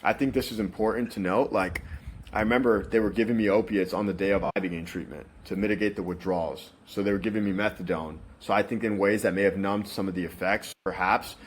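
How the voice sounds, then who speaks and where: Candid young man with a lowish voice. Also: fairly even intonation, fast, slight background noise. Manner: candid, swears, frequent "like" and "you know". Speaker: interview guest. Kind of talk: casual storytelling.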